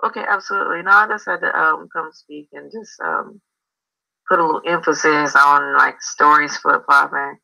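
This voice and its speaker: A man with a gravelly, very bright voice calls into a live stream. He is friendly and greets everyone before getting to his point. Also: a little high, fairly even intonation, moderate pace, lo-fi sound. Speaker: caller. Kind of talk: casual live-stream chat.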